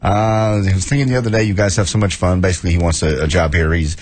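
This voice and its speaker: A man's voice: sits low, steady tone, quick pace, darkish tone, slight background noise. A man co-hosting a radio show, reading listener emails aloud and joking sarcastically. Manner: laid-back, sarcastic, reads emails aloud. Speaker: radio co-host. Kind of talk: morning radio banter. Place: radio studio.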